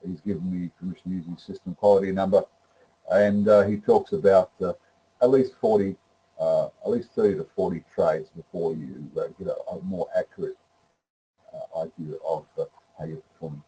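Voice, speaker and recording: A man presenting a webinar that walks through trading software, rambling with many fillers and restarts. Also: low voice, fairly even intonation, moderate pace, breathy edge, rough recording. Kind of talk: live webinar demonstration.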